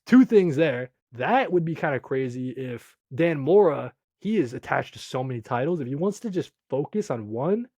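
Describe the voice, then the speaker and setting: A young man hosting a casual comic review livestream, talking excitably and reading viewer comments, often saying "dude" and "bro". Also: medium pitch, moderate pace, few pauses, slightly rough, dry recording. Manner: excitable, says "dude" and "bro" a lot, jumps between calm and shouting.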